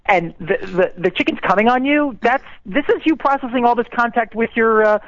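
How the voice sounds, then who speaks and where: An eager male caller with a very high voice explains his interpretation, tripping over restarts. His call sounds dry and muffled over the radio. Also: fairly bright tone, no room sound. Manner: eager, talks in rushed restarts. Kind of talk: phone-in call to a radio show.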